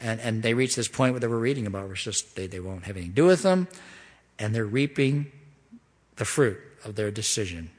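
A man preaching an expository sermon as pastor, pleading and emphatic, rising to loud questions and dropping to hushed asides. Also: fairly low pitch, expressive, brisk, breathy edge, in a large hall.

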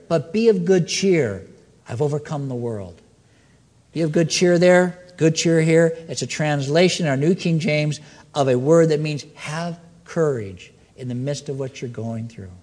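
An animated male preacher whose pitch leaps high and sinks low as he preaches. His voice sits a little high for a man and rings out with a long hall reverb. He swings from loud, excited lines to hushed, slow ones. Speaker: pastor. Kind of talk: sermon.

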